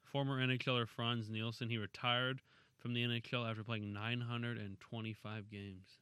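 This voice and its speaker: A man's voice: mid-range voice, level tone, moderate pace, pushed and bright, clean tone, dry recording. Wry man chatting about hockey. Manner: wry, teasing, laughs often. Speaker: podcast co-host. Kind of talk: casual hockey news chat.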